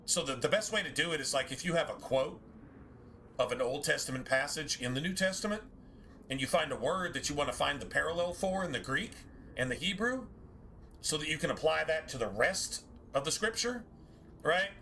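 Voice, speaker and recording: Chatting loosely with his viewers, a game streamer thinks out loud, frequently corrects himself and lets the occasional swear word slip. His bright, forceful voice runs on the high side with lively intonation and a slightly fast pace, over a faint background hiss.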